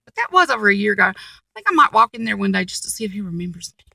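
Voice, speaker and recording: A woman telling a personal story in a casual vlog, animated and blunt, with plenty of cussing. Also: mid-range voice, very fast, vocal fry, no echo.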